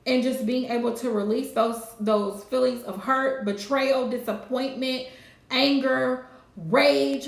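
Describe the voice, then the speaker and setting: Gravelly-voiced woman giving soothing advice. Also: on the high side, echoey room. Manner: soothing, repetitive advice with Southern-style phrasing. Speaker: tarot reader hosting a live stream. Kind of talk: casual live-stream reading.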